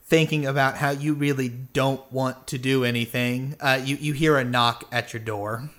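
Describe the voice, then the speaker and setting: A man's voice: medium pitch, fairly even intonation, moderate pace, a bit bright. A man running a tabletop game, narrating loosely with lots of fillers. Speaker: game master.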